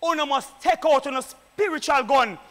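A Jamaican deacon delivers a sermon in patois at a normal pace, building up to fervent shouting. His voice is very high and bright. Each line is followed by long reverb from the church hall.

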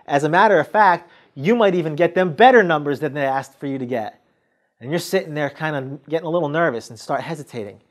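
A man's voice: fairly high pitch, fast talker. Emphatic male sales coach. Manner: acts out sales scenes with quoted dialogue; emphatic, coaching directly to the listener. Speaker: sales trainer. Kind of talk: motivational sales training talk.

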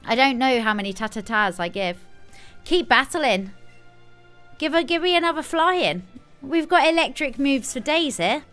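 Bubbly woman streamer, high smooth voice. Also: moderate pace, soft background music. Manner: chatty, with sudden excited squeals. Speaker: game streamer. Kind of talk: casual live gameplay commentary.

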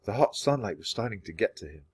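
A man's voice: lowish voice, quick pace, dry recording, studio quality. Man reading a children's book aloud. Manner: clear, steady storytelling. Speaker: storybook reader.

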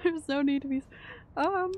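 A woman's voice: on the high side, moderate pace, a little hiss or hum. A Canadian woman streaming a video game, chatting casually with her viewers and laughing often. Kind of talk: casual gameplay commentary.

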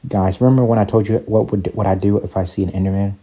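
A young man giving casual, excitable commentary while playing a block-building game, often panicking and talking to his viewers. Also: fairly low pitch, fast talker. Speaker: gaming YouTuber. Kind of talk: casual Minecraft let's play commentary.

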